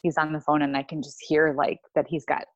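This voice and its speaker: Woman with a low, dry voice. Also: flat delivery, fairly quick, no echo, dull audio. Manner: rambling, lots of fillers and restarts. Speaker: podcast guest. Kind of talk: personal story in casual chat.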